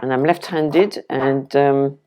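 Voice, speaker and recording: A woman's voice: very deep voice, steady tone, slow pace, heavy background noise. A woman with a French accent, hosting a casual cooking demonstration in her home kitchen and chatting enthusiastically to the viewer as she chops vegetables. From France. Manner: chatty and enthusiastic, talks to the viewer while chopping. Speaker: cooking video host.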